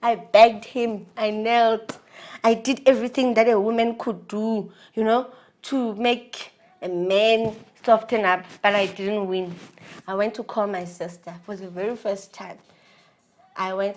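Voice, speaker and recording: A woman with a South African accent, a vlogger candidly telling a personal story in a slangy, animated way. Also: mid-range voice, normal speed.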